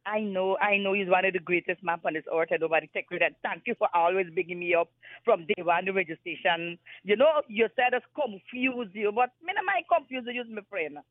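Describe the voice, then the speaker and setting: A woman's voice: medium pitch, fairly quick, no room sound. Woman rambling on a tinny phone line. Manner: rambling, loose creole-tinged English. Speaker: caller. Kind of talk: casual call-in chat.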